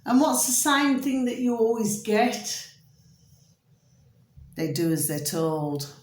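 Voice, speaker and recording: A woman's voice: on the high side, very animated, slow pace, a little mellow, reverberant, slight background noise. A woman vlogging to camera in a chatty, meandering monologue that keeps drifting off track. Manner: chatty, meandering, easily distracted; calls viewers "my delicious little babies".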